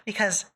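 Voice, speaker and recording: A woman streamer chatting with her live audience, emotional and close to tears, laughing often between thank-yous. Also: bright, forceful tone. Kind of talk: casual live-stream chat.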